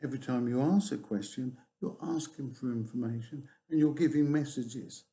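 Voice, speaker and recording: A man's voice: mid-range voice, moderate pace, dark tone. A man teaching a recorded course lecture, explaining in a teacherly way with hesitant restarts. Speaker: TEFL course tutor.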